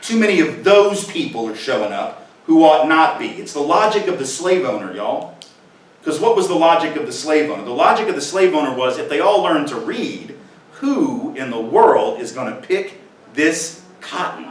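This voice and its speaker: A man's voice: on the high side, big pitch swings, fairly quick. A man giving a public lecture at a college, speaking in a punchy, rhetorical way and often asking the audience "right?". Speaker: guest speaker. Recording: echoey hall, mic at a distance.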